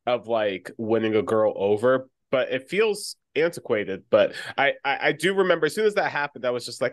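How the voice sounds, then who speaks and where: Male podcast co-host, casual recap talk, pitch swinging widely, acts out quotes. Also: moderate pace, few pauses. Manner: animated, acts out quotes in lively voices. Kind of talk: casual chat.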